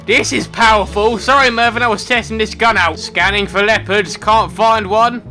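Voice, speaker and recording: A young man giving excitable let's-play commentary, yelping and shouting whenever something surprises him. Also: high voice, moderate pace, faint music behind. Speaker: gaming commentator.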